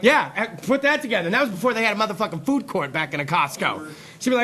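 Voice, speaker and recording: A man hosting a live internet talk show, telling a profane, rambling, excitable comedic rant. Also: high voice, very fast.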